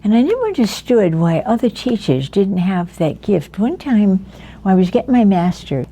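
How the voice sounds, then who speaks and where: A woman in her nineties telling the story of her life in an interview, lively and anecdotal, often chuckling as she recalls people. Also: medium pitch. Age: 90s. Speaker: interviewee, veteran educator.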